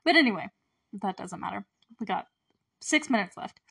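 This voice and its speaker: A woman's voice: medium pitch, lively intonation, moderate pace, gravelly, fairly bright tone, breathy edge, no echo, recorded from a distance. A woman hosting a casual solo podcast, chatty and effusive, laughing often as she recaps a show. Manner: chatty and effusive, laughs often, quotes characters in brief put-on voices.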